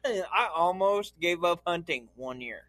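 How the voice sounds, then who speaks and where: Man, podcast co-host, crude joking, frequent laughter, bright voice, slow delivery, dry close mic. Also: sits high, lively intonation, no room sound. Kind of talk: casual podcast banter.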